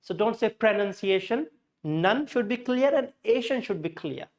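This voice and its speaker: A man's voice: extremely high pitch, lively intonation, moderate pace. A man with an Indian English accent teaching a pronunciation lesson, explaining patiently and often correcting himself mid-sentence.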